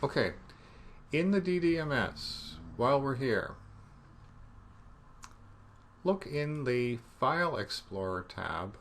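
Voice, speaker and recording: A man teaching programming in a relaxed screencast, thinking aloud as he debugs and joking about his own mistakes. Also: mid-range voice, slow pace, long pauses, slight background noise. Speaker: programming instructor. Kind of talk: screencast coding tutorial.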